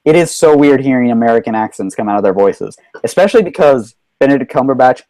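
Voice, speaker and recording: A man of middle pitch talks through a casual live-stream movie chat. He hesitates and restarts often, with "uh" and "um" between thoughts. The sound is dry, close and free of room echo. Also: lively intonation, quick pace, mellow. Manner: hesitant, many fillers and restarts. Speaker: host.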